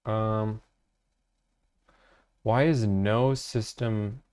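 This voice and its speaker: A man's voice: fairly low pitch, fairly even intonation, drawn-out words, a little mellow, clean tone, no echo, clean studio sound. A young man hosting a casual livestream, reading viewer chat aloud and answering in a laid-back, chatty way.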